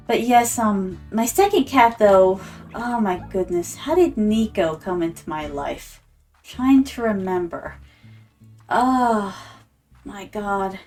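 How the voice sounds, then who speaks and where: A woman's voice: mid-range voice, animated, slow, darkish tone. A woman streamer chatting casually and telling a story while she plays a game, acting out the voices of the people in it. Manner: chatty, acts out quoted voices. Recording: slightly distant mic with background music.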